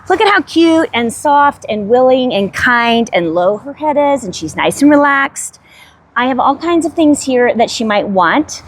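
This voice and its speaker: A woman who is a veterinarian and animal trainer, talking casually and emphatically to camera at a horse ranch. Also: fairly high pitch.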